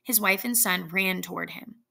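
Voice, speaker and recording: A woman reading a classic story aloud in a plain, steady narration. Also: lowish voice, normal speed, creaky. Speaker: reader.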